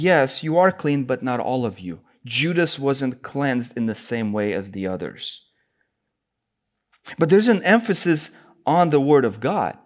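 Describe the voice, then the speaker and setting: A man preaching an expository sermon, citing scripture references in an earnest, emphatic cadence. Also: on the high side.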